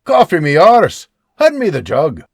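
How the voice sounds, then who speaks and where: A man voicing a gruff, loud older father who barks his lines in a husky voice. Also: fairly high pitch, wildly swooping pitch, a little slow, no room sound, studio quality, pitched above the performer's own voice, full character voice. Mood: blustering. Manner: barking, blustery.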